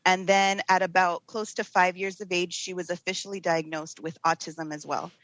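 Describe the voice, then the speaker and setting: A woman's voice: lowish voice, little pitch movement, moderate pace, a bit bright, dull audio. A woman in her thirties, a guest on a podcast, speaking candidly and at length with laughs between thoughts. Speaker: guest, TV producer and mother. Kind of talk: casual interview chat.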